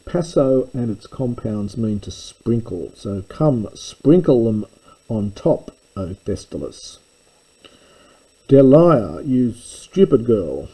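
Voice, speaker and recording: A man reads through an old text and explains it line by line, in a slow, unhurried way. His voice is low and dark. He has a slightly husky edge and often stops mid-thought to correct himself. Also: low-quality recording. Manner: measured, self-correcting, thinking aloud. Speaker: classics lecturer.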